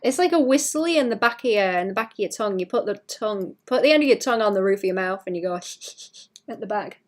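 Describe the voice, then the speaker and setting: A woman from Wales, talking to her stream audience as she sketches. Her talk is loose and chatty, full of little restarts and fillers as she thinks out loud. Her pitch sits in the middle of the usual range for women. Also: expressive, quick pace. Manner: chatty, musing aloud with many restarts and fillers. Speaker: artist streaming while drawing. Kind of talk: casual livestream chat.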